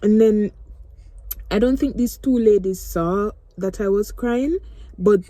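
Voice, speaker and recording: A woman's voice: medium pitch, slow pace, warm tone, no echo. A young Jamaican woman telling a storytime vlog from her parked car, chatty and emotional, slipping into patois. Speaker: mother vlogging.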